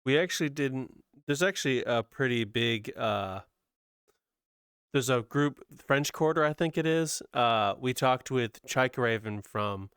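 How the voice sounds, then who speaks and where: A man's voice: medium pitch, expressive, a little slow, fairly bright tone, clear, resonant tone, no room sound, studio quality. A man hosting a podcast, chatting casually and reassuring his guest. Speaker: podcast host. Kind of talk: casual chat.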